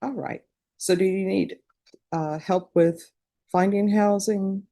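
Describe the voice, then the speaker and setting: A woman judge running a court hearing in a brisk, direct, businesslike way. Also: medium pitch, steady tone, gravelly, dark tone. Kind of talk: courtroom proceedings.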